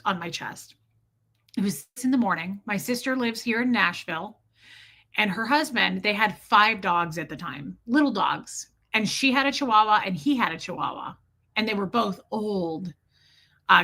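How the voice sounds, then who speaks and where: Bright-voiced woman telling a raw story. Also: medium pitch. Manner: rambling, candid, emotional, swears freely. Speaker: podcast host. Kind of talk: personal storytelling monologue.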